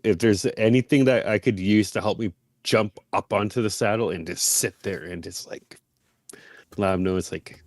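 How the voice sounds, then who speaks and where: Chatty low-voiced man playing a tabletop game. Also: normal speed, no room sound, clean studio sound. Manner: loose, chatty, with frequent fillers. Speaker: player. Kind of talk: casual tabletop game play.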